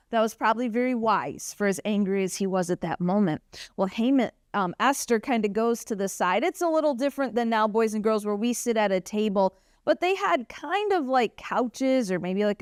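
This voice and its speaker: A woman teaching a children's Bible lesson at church, telling the story with animated expression and acting out the characters' lines. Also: fairly high pitch, smooth, no echo, studio quality.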